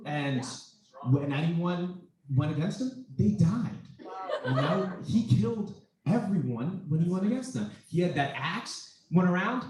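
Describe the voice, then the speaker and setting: A man's voice: sits high, expressive, measured pace, a little mellow, a little hiss or hum. A man giving a playful, joking impromptu speech. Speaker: student speaker. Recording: echoey room, distant mic, audience.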